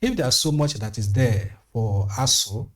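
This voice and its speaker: A man of middling pitch talks things through on a TV studio panel, steady and deliberate, repeating his key phrases to drive them home. He sits a little back from the mic. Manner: measured, repeats phrases for emphasis. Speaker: panel guest. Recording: slightly distant mic.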